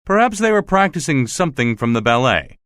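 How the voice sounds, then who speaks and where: A man's voice: lowish voice, sing-song, normal speed, sharp tone, no echo, clean studio sound. A man voicing a nervous, evasive male theater official who dodges questions, in a storybook reading. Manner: sly, evasive.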